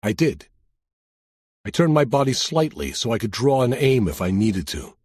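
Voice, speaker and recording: A man's voice: medium pitch, big pitch swings, normal speed, a little mellow, slightly rough, no room sound. A man narrating a crime audiobook in the first person, with a dry, wry storytelling manner.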